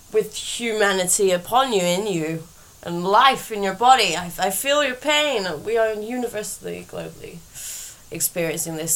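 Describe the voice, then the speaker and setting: A tired woman hosting her podcast, speaking slowly in a rambling, self-correcting monologue. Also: mid-range voice, fairly bright tone, rough recording. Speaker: podcast host. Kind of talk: casual monologue.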